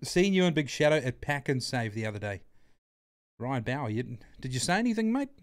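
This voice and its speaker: A man's voice: medium pitch, very animated, fairly quick, no room sound, studio quality. A man hosting a casual livestream, bantering crudely, greeting his chat and repeating himself as he plays. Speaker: livestream host.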